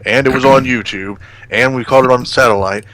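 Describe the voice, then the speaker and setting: A man's voice: medium pitch, fairly quick, a bit bright, natural voice, poor audio. A man playing a rambling old judge. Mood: ponderous. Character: elderly male courtroom judge, easily fooled.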